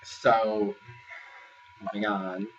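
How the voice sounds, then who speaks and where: A man's voice: fairly low pitch, little pitch movement, very slow, a little hiss or hum. A man casually recapping a reality show episode in a rambling, filler-heavy way. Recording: distant, dull lo-fi sound with faint ambience.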